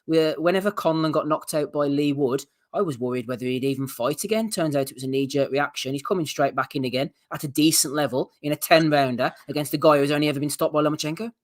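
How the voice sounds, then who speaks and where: A man's voice: fairly high pitch, quick pace, hardly any pauses. A man hosting a boxing podcast, wry and laid-back, steering the talk into fight previews. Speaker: podcast host. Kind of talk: casual chat and fight previews.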